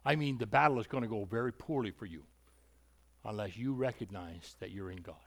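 A man's voice: lowish voice, fairly quick, vocal fry. A male preacher giving an emphatic sermon, repeating points and asking rhetorical questions.

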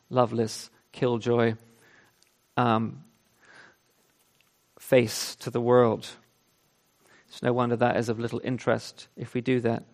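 A man preaching a sermon, reading scripture with emphasis and then explaining it in an earnest, conversational way. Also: medium pitch. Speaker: pastor.

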